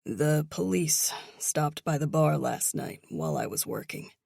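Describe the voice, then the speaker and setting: A woman voicing a caring young male bartender friend in an audiobook, speaking gently with concern. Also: sits low, unhurried, vocal fry, no room sound, clean studio sound, heavily acted.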